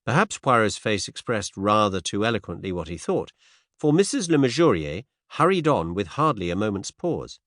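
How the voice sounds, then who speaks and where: A man's voice: lowish voice, big pitch swings, moderate pace, a bit bright, no room sound. A man narrating a classic mystery story as a studio audiobook, told in the first person. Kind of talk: scripted narration.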